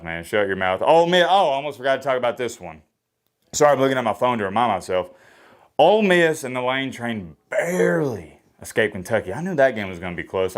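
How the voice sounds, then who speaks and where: Blunt, opinionated man trash-talking sports. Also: lowish voice. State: slightly hoarse. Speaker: sports vlogger. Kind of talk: solo college football reaction.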